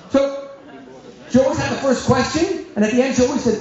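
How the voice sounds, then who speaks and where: A man, a rabbi, telling a comic, self-mocking story to an audience with sharp timing. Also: extremely high pitch, lively intonation, brisk. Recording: echoey hall, dull sound.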